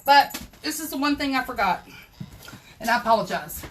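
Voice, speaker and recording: A woman's voice: high voice, expressive, moderate pace, fairly bright tone, a little hiss or hum. A woman, hosting a casual live crafting tutorial at home and chatting straight to her viewers. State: out of breath.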